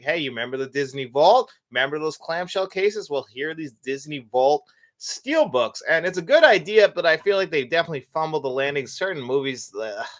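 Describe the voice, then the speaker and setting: A young man hosts a live movie show, his voice fairly high and a bit bright. He chats casually and reads out viewer comments, rambling with lots of fillers and restarts.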